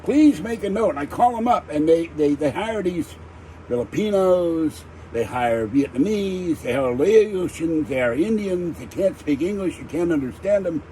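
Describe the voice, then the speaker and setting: A man's voice: on the high side, expressive, measured pace, warm tone, slight background noise, poor audio. Irritable older man ranting casually. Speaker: livestream host. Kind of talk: rambling casual chat.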